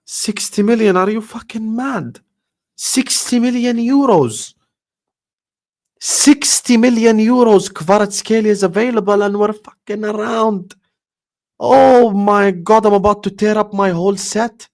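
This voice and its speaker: A man's voice: high-pitched, fairly even intonation, measured pace, a little mellow. Exasperated man ranting on stream. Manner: exasperated, repetitive ranting with swearing. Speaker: football live-streamer. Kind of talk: live-stream rant.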